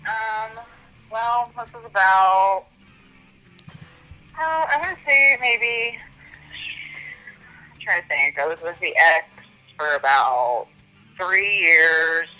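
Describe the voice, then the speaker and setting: A woman's voice: mid-range voice, lively intonation, slow, long pauses, pushed and bright, faint music behind, low-quality recording. Stuffy-nosed chatty woman guest. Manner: chatty, giggly, digressive. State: stuffy nose after a cold. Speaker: podcast guest. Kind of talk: casual storytelling on a call.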